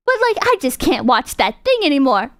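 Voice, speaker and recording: Lively high-voiced woman streamer, swearing freely. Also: brisk, no echo, studio quality. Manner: rambling, profane, laughs often. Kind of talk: casual reaction chat.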